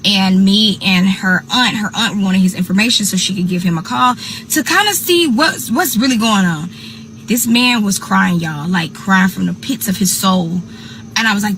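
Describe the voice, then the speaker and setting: A young woman tells a casual storytime, animated, calling her listeners y'all and acting out what others said. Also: medium pitch, moderate pace, slight background noise, poor audio. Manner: animated, addresses listeners as y'all, acts out quoted people. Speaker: host.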